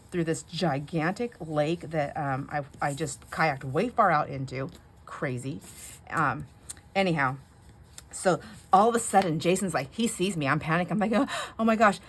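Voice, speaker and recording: A middle-aged woman chatting casually while she crafts, rambling through a story with frequent "anyhow"s. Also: sits low. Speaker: craft vlogger.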